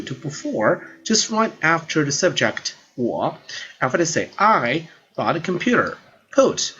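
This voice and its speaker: A man's voice: fairly high pitch, sharp tone. A man teaching a grammar lesson in an earnest explanatory way, often repeating words as he goes. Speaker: language teacher. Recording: dull lo-fi sound with faint background music.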